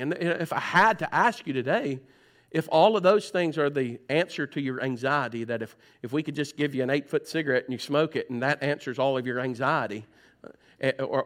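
A man's voice: mid-range voice, fairly bright tone. Preacher teasing his congregation. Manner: conversational preaching, teasing the congregation, mimics voices. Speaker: pastor. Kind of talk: sermon. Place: church sanctuary.

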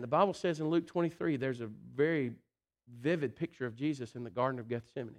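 Preaching at a fast clip in a medium-pitched voice, this man keeps it folksy and animated. He alternates loud emphasis with quiet intensity, peppering in "listen" and "you know."

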